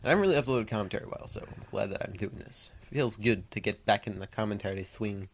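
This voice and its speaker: A young man with a lowish voice rambles through a casual video commentary. He swears freely, laughs between thoughts and leans on fillers. A faint hiss sits under the recording. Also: rapid-fire.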